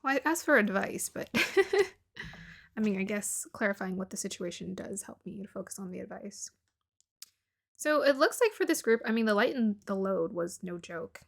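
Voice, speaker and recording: A woman's voice: mid-range voice, expressive, moderate pace, vocal fry. A woman giving a casual tarot reading to her viewers, musing aloud, laughing often and sometimes dropping to a murmur. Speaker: tarot reader.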